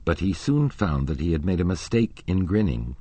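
Very deep, husky male audiobook narrator. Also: expressive, normal speed, mellow, dry recording. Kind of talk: scripted narration of a classic novel.

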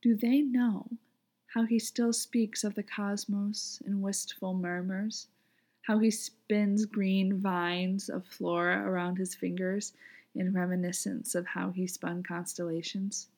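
A woman voicing a gentle, fussy male angel who speaks softly and affectionately, sometimes in a near whisper. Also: medium pitch, little pitch movement, slow. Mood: wistful.

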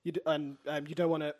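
Male podcast co-host, high voice, stammers and restarts. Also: darkish tone. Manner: stammering restarts, laughs often. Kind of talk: casual chat.

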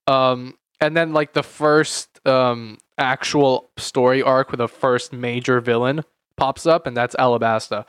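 A man's voice: mid-range voice, fairly even intonation, unhurried, fairly bright tone, clear, resonant tone, no room sound, clean studio sound. A young man in his late teens, co-hosting a casual chat podcast, rambling with lots of fillers and repeated words. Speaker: podcast co-host.

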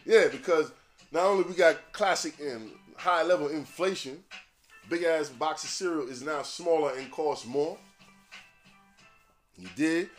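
A man with a voice a little higher than most rambles through a casual podcast monologue. He swears freely and breaks into laughter at his own jokes. Faint music sits behind him. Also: unhurried, long pauses. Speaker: podcast host.

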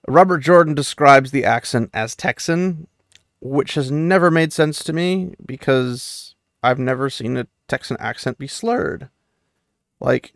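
A man's voice: medium pitch, gravelly, no room sound, clean studio sound. A man casually recapping and commenting on a fantasy novel chapter, rambling with many fillers. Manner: rambling, many fillers, light quoting of characters. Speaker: book discussion host.

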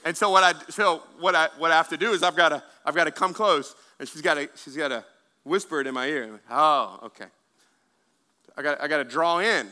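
A man preaching a sermon as pastor, conversational, with quick asides to the congregation and frequent repeated words. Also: on the high side, bright, forceful tone.

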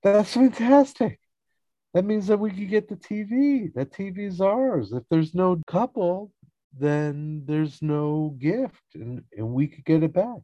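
A whiny, neurotic man in his thirties, as a man acts him out, complains in high, incredulous bursts far above the performer's natural low voice. The lo-fi recording sounds dull and dry, with no room around it, and the voice swings up sharply. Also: lively intonation, a little slow, mellow, no echo. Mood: gleeful.

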